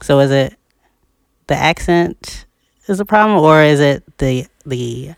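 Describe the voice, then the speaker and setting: A lively, emphatic co-host in relaxed conversation, whose voice jumps up in pitch whenever a point lands and who breaks into laughter often. The voice is mid-pitched and recorded close and dry, with no room sound. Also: slow pace, vocal fry, no echo. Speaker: podcast co-host. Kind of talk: casual discussion.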